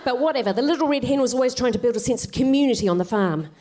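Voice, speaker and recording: A woman's voice: fairly high pitch, lively intonation, racing, dark tone. A woman doing live stand-up, telling a comic fairy tale with wry, self-deprecating asides. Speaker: stand-up comedian.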